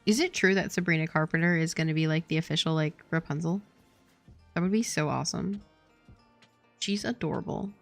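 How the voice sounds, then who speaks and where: A woman's voice: deep voice, brisk, creaky, long pauses, soft background music. A woman streaming her game development work, chatting casually and rambling with lots of "like" and giggles. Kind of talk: casual chat while working on a game.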